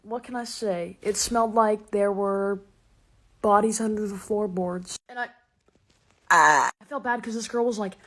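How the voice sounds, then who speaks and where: A young woman doing a sarcastic, exasperated comic monologue to a phone camera, swinging from loud outbursts to mumbled asides. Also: medium pitch, fairly quick. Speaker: comedy TikTok creator.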